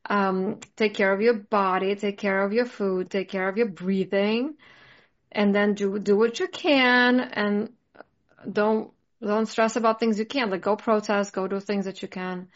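A woman's voice: medium pitch, unhurried. Rambling woman in casual chat. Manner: rambling, filler-heavy, animated. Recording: slightly dull lo-fi sound.

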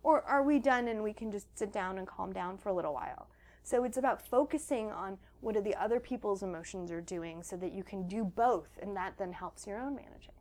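A woman author being interviewed at her home, explaining research with lively asides. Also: mid-range voice, brisk. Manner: animated, acts out quoted children's voices. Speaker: author and guest. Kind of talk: conversational interview.

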